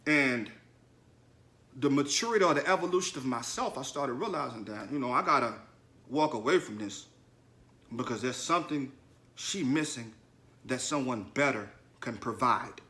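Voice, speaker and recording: A man's voice: mid-range voice, lively intonation, normal speed, bright, forceful tone. A man hosting a podcast, telling a personal story in a blunt, confessional, slangy way and speaking straight to his listeners. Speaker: podcast host. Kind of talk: candid personal storytelling monologue.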